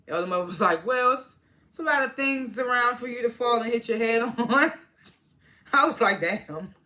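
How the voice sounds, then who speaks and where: A woman's voice: on the low side, bright, forceful tone. A woman casually recapping a TV episode, retelling scenes by quoting each character in turn and laughing at them. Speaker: TV show reviewer.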